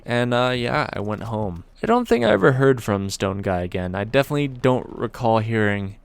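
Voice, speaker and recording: A young man casually telling a story from his job, relaxed and conversational, with casual swearing. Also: medium pitch, normal speed, gravelly, clean tone. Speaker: storyteller, video creator.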